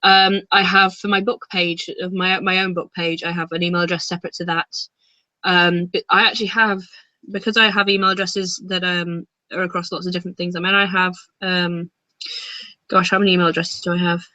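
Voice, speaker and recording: A woman chatting casually as a guest, rambling with many pauses and fillers. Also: fairly low pitch, little pitch movement, bright, forceful tone, no room sound, highs cut off. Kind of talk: casual chat.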